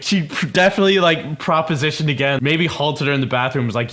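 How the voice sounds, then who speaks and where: A man's voice: a little high, steady tone, fast talker, hardly any pauses, a bit bright, slight background noise. A young man from Canada, telling a crude story in casual talk, rambling and profane, often trailing off and starting over. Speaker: podcast co-host.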